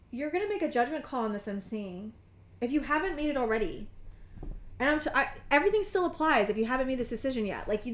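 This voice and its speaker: A woman in her thirties with a fairly high voice talks through a tarot reading. She rambles and restarts, speaks emphatically and straight to the viewer, and lets swear words slip in freely. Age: 30s. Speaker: tarot reader. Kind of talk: pick-a-card tarot reading.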